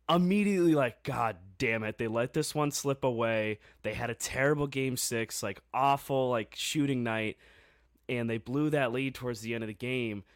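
A man co-hosting a casual sports podcast, telling what happened in a game in an excitable, rambling way. His voice sits at a middle pitch. The sound is dry and close. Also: no room sound. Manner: excitable, rapid storytelling with many fillers.

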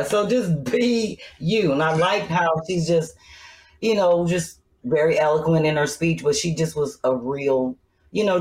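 A woman talking as a panelist on a daytime talk show, animated and slangy, with frequent laughter, in casual banter. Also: deep voice.

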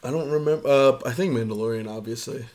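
A man's voice: medium pitch, fast talker, a little mellow. Unwell man rambling on a podcast. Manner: rambling, profane, laughs often. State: unwell, voice giving out. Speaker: podcast co-host. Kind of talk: casual podcast chat.

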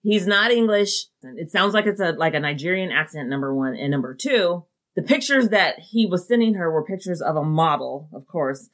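A woman co-host chats casually on a podcast, giving blunt, wry reactions with some swearing. Her voice sits on the lower side. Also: lively intonation, normal speed, hardly any pauses. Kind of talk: casual conversational chat.

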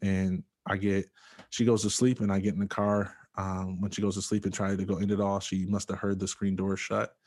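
A young man giving a personal testimony in an interview, earnest and halting, with many fillers and pauses. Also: low-pitched, little pitch movement, a little mellow. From Michigan. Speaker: interview guest.

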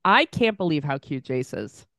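A woman co-hosting a podcast, giving quick, opinionated reactions in a casual chat about a reality show. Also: low voice, sing-song, a bit bright, no echo, studio quality. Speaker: podcast co-host.

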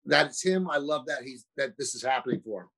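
A man's voice: medium pitch, lively intonation, quick pace, creaky, bright, forceful tone, rough recording. A man guesting on a talk show, a broadcaster chatting casually and self-deprecatingly, often restarting his sentences. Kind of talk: casual interview chat.

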